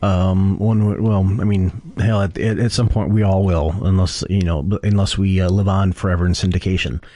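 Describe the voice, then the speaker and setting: A man hosting a casual podcast, talking haltingly with many restarts. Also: low voice, steady tone, mellow, no echo. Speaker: podcast host. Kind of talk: casual chat.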